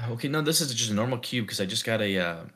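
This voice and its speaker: A man's voice: medium pitch, animated, fast, fairly bright tone. A young man co-hosting a casual podcast chat, rambling and thinking aloud with lots of "like". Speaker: podcast co-host.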